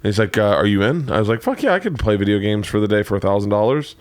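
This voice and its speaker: A man hosts a podcast and tells a rambling story in his own casual way. His voice sits on the low side and he plays out both halves of every exchange he recalls. The sound is dry and close to the mic. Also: animated, quick pace, no room sound. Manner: rambling, acts out both sides of quoted conversations. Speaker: podcast host.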